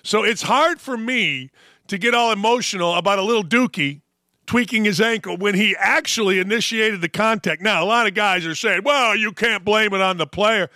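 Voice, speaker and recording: High bright-voiced ranting sports host. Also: male voice, normal speed, no room sound, clean studio sound. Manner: animated, sarcastic, ranting. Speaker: sports talk show host. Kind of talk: opinionated sports talk.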